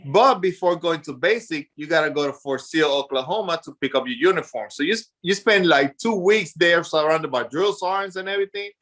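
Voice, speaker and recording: This is a man in his forties with a Puerto Rican accent, talking as a guest on a podcast. He tells stories in an animated way and acts out the voices of people from his past, filling the gaps with "you know." His voice is bright and sits a little high for a man. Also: a little fast, hardly any pauses. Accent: Puerto Rican Spanish. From Puerto Rico. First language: Spanish. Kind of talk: casual storytelling interview.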